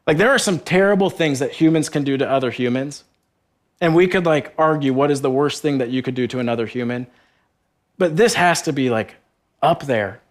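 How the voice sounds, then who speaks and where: Earnest young man preaching. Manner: earnest, conversational, heavy use of "like", acts out characters in a higher voice. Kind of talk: sermon at a youth retreat.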